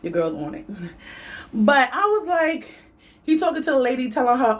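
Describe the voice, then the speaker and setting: Animated New woman vlogging. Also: moderate pace, pauses often. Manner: animated and chatty, big swings in pitch. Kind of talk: casual storytelling vlog.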